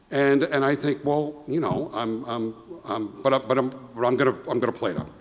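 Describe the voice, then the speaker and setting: Middle-aged male presenter, storytelling award toast, acts out the dialogue, mid-pitched, long hall reverb. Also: a little fast, few pauses. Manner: animated storytelling, acting out quoted dialogue. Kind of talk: anecdotal award speech.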